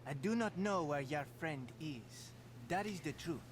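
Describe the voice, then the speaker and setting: A wary Australian man on the run in a video game, guarded and casual with slang. His voice sits a little high for a man, with a clear hiss of noise behind it. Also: lively intonation, a little slow. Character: shifty Australian man posing as Jamaican. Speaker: game character.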